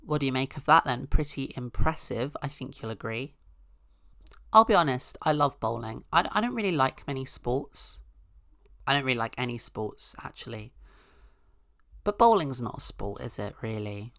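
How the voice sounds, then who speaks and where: A woman's voice: extremely low pitch, animated, normal speed, a bit bright, no room sound, clean studio sound. A woman hosting a podcast, telling a rambling, sarcastic comic story with mock-outraged asides. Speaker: podcast host. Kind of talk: casual comedic monologue.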